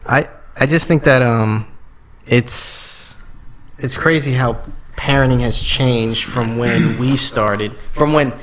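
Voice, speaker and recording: A young man co-hosting a podcast, telling stories in loose casual chat, swearing freely and jumping up into high voices for imitations. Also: takes it slowly, fairly bright tone. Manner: loose storytelling, swears a lot, jumps into high-pitched imitations. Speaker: podcast co-host.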